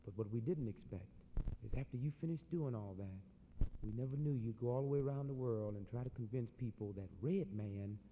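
A proud, defiant native man, as a man puts him on, speaking low, quiet and slow in clipped, measured phrases. His tone is grave and steady. The recording is dull and lo-fi, echoing in a large hall. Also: a little hiss or hum, natural voice.

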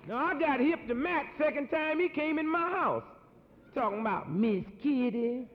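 Man, high lively voice, preacherly satirical storytelling, folksy slang, dull recording in echoey hall. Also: normal speed, a little hiss or hum.

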